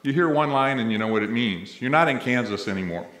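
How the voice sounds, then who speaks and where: A man's voice: medium pitch, expressive, fast, a bit bright. A middle-aged man from Missouri, a college president, giving a humorous ceremony speech full of stories to an audience in a large hall. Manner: humorous, conversational storyteller, playing to the audience. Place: large indoor event hall. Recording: echoey hall.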